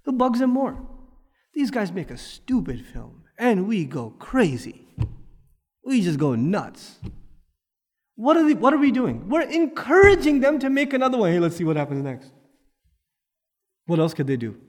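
A man's voice: very high voice, wildly swooping pitch, normal speed, long reverb tail. A man preaching a sermon, firing off rhetorical questions and building to emphatic peaks. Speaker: Islamic preacher.

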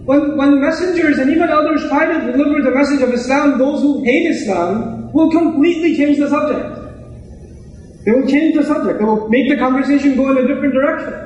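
A man's voice: very high voice, brisk, darkish tone. A man preaching a sermon in a conversational way, asking rhetorical questions. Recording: echoey room, mic at a distance.

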